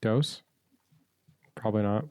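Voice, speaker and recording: A man's voice: lowish voice, slow pace, a little mellow, smooth, no echo. A man co-hosting a podcast, chatting casually with playful, goofy, teasing humor. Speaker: podcast co-host. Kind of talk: casual chat.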